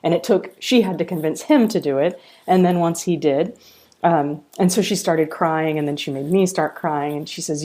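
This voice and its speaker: A woman's voice: low voice, normal speed. A middle-aged woman, a college founder, telling earnest stories in a podcast interview. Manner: earnest, animated storyteller.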